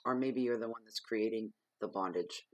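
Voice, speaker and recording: Earnest low-voiced man reading tarot. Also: moderate pace, no room sound. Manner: emphatic, repetitive, earnest advice. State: coughing. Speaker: tarot reader. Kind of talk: weekly tarot reading monologue.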